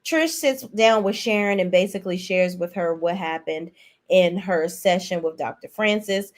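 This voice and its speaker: A young adult woman giving a blunt, profane, animated rant as host of a reality TV recap. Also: fairly low pitch, moderate pace. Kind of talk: casual ranting commentary.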